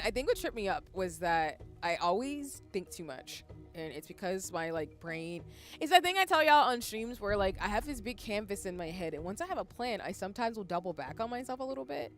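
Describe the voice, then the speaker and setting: A young woman with a Southern US accent, streaming a game live, chatty, swearing and breaking into loud outbursts. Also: mid-range voice, very animated, normal speed, faint music behind. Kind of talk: live gaming stream chat.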